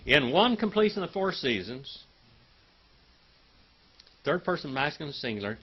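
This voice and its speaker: A man lectures a Hebrew class in a folksy, teasing way, calling on students by name. His voice is husky and swings widely in pitch. The recording is dull and lo-fi. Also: big pitch swings, measured pace. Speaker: Bible and Hebrew teacher.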